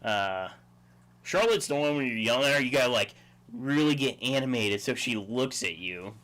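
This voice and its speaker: Livestream host, male, easygoing, chuckly, mid-pitched, rambling chat. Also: lively intonation, moderate pace, fairly bright tone.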